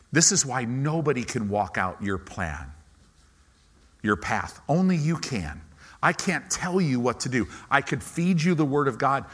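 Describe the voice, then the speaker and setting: Man preaching, lively sermon, bright forceful voice, emphatic contrasts, sudden loud peaks. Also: fairly low pitch. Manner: animated storytelling with sudden loud peaks and quiet asides. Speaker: pastor.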